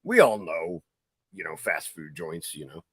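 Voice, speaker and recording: A man's voice: low voice, big pitch swings, measured pace, a bit bright, breathy edge, dry recording. A man hosting a podcast, telling a rambling story in casual chat, full of fillers. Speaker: podcast host.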